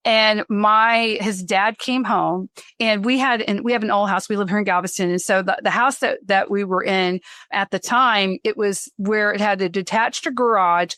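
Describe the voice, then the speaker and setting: A woman's voice: medium pitch, a bit bright, dry recording, clean studio sound. A middle-aged woman hosting a podcast interview, telling stories in a rambling, chatty way and laughing as she talks. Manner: chatty, rambling storyteller who laughs mid-sentence. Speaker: podcast host. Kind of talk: casual interview chat.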